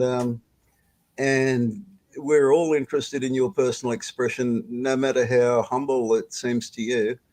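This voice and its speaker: An older Australian man telling a rambling, halting story over a video call, swearing and laughing as he goes. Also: mid-range voice, darkish tone. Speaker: guest storyteller. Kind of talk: casual storytelling on a live stream.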